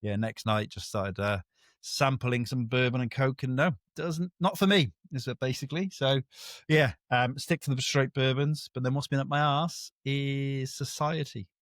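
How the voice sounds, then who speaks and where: A man on a podcast, talking casually and leaning into the story with lively voices for the people in it. His voice sits at an ordinary middle pitch. The sound is dry and close, with no room around it. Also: normal speed, no room sound. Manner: animated storyteller, acts out other people's lines. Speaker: podcast co-host. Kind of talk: casual chat.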